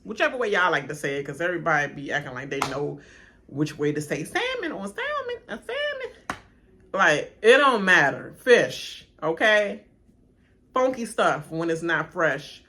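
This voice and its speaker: A woman with a deep voice and a sharp tone hosts a reaction channel, ranting casually and animatedly right at her viewers. Her chatter is slangy and full of laughter, with a slight hiss or hum on the recording.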